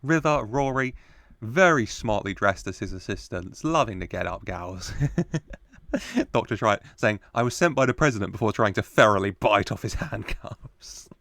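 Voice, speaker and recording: A young man chats his way through a TV episode, playful and quick to laugh. His voice sits low. The recording is dry and close. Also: fairly bright tone, no room sound. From United Kingdom. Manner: chatty, laughs often, playful asides. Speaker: reaction video host. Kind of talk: casual commentary on a TV episode.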